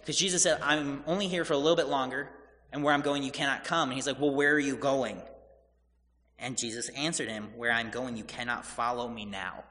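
A man's voice: mid-range voice, steady tone, a little fast, pushed and bright, big-room sound. A man preaching a sermon, retelling scripture in casual everyday paraphrase and acting out the people in the story.

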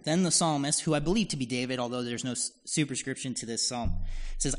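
A man of middle pitch preaches a sermon through a psalm, explaining it earnestly to his listeners. His voice rings with the long reverb of a large hall, and he leans hard into the lines he speaks as God's words. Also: fast talker.

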